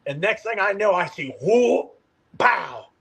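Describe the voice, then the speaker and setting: A man as a podcast guest, telling a fishing story in an animated, rambling way. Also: sits high, measured pace, gravelly, breathy edge, poor audio. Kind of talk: casual podcast chat.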